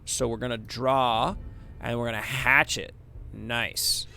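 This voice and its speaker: A man's voice: mid-range voice, steady tone, takes it slowly, creaky, pushed and bright, a little hiss or hum. A man giving casual let's-play commentary, reading the game text aloud and chatting about his choices. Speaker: gaming streamer.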